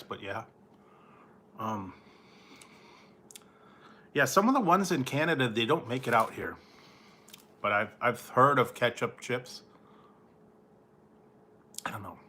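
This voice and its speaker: A man's voice: medium pitch, bright, forceful tone, slight background noise. A man talking casually as a food reviewer, rambling and trailing off with frequent chuckles. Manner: rambling, laughs often, trails off. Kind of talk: casual late-night chat.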